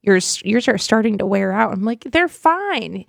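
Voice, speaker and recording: Gravelly-voiced woman radio co-host. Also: mid-range voice, moderate pace, dry recording, studio quality. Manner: chatty, teasing, animated anecdotes. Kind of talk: casual morning radio chat.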